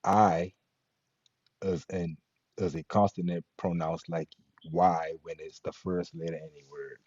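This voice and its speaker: A man teaching Latin pronunciation, patiently spelling out letters and sounds with a husky voice. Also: low voice, fairly even intonation, a little slow, a little mellow, no room sound. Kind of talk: pronunciation lesson. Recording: dull lo-fi recording.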